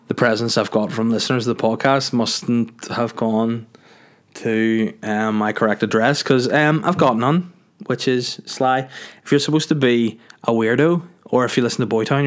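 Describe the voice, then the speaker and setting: A man with a Northern Irish accent who hosts a podcast and talks in a rambling, jokey way, full of filler words. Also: medium pitch. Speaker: podcast host. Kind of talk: casual podcast monologue.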